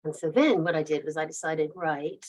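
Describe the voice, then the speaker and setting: On a rough recording, a woman with a low, slightly mellow voice talks quickly with lively intonation. A guest author in her fifties with a mid-Atlantic accent between American and British, she tells rambling, chatty stories in a casual interview and laughs frequently.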